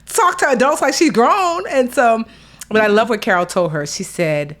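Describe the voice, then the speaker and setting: A woman's voice: on the high side, moderate pace, a bit bright. A woman co-hosting a podcast in casual chat. She tells stories with lots of energy and acts out the voices of family members. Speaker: podcast co-host. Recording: studio podcast mic.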